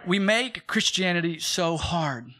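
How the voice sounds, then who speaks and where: A man in his thirties preaching a sermon, his voice bright and pitched a touch above the usual male range. He tells stories lively, acting out the people he quotes, and calls on the listeners to repeat lines back to him. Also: measured pace. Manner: animated storytelling with acted quotes, calls for congregation response. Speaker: pastor.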